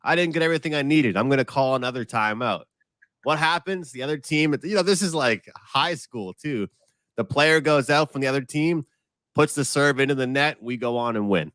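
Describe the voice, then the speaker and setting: A man appearing as a sports betting guest who talks in a chatty way and tells stories with quick asides. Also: mid-range voice, a bit bright, no echo. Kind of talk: casual sports betting chat.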